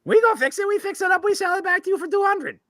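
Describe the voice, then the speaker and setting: A man voicing a small greasy male fire goblin who haggles pushily in broken, shrill, shouting speech. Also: fast, dry recording, studio quality. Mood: cackling.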